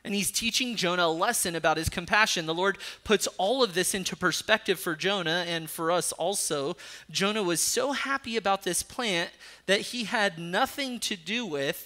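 This is a male pastor delivering a sermon, his voice high, pushed, and bright. He reads passages of scripture between his teaching points, climbing sharply whenever he speaks Jonah's anger.

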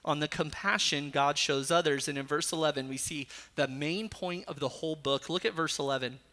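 A man's voice: a little high, brisk, pushed and bright. A man preaching a sermon, reading scripture aloud between teaching points and rising sharply when he voices a character's anger. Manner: rises sharply when voicing Jonah's anger. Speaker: pastor.

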